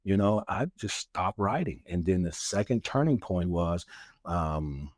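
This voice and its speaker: A man's voice: deep voice, expressive, a little slow, no echo, studio quality. A man, an author and guest, earnestly telling a personal testimony in a casual interview, acting out the lines of people he quotes. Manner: earnest storyteller who acts out quoted lines; many fillers and restarts.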